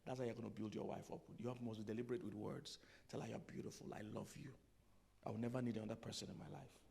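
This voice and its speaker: A man's voice: fairly low pitch, little pitch movement, very fast, creaky, dark tone. A man, a pastor giving a humorous sermon to men, conversational, laughing at his own punchlines and dropping to near-whispers for asides. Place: church conference hall.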